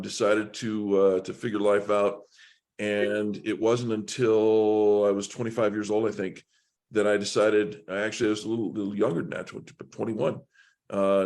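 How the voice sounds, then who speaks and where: A man in his thirties, a magician appearing as a podcast guest, telling his story in a relaxed, wry way. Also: fairly low pitch. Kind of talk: casual interview talk.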